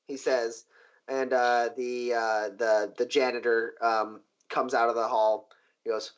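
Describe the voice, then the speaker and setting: A man narrating as game master in a tabletop game, halting with many fillers. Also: medium pitch, dull audio.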